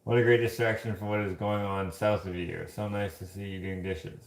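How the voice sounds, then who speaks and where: A man's voice: fairly low pitch, moderate pace, few pauses. Chatty man in an echoey room. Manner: chatty, joking, laughs often. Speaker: livestream host reading chat. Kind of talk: casual live-stream chat. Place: home kitchen.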